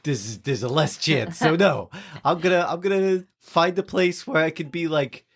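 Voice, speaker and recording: A man playing a tabletop game, slowly explaining his character's plans with amusement. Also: on the high side. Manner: slow, amused, explaining choices. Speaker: player. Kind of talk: casual tabletop play.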